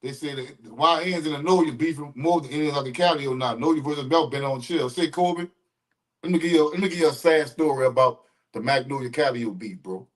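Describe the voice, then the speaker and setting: A man's voice: fairly high pitch, fast, recorded from a distance. A man hosting a podcast, telling brash, profane street stories and repeating words when worked up. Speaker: podcast host. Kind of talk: casual street storytelling.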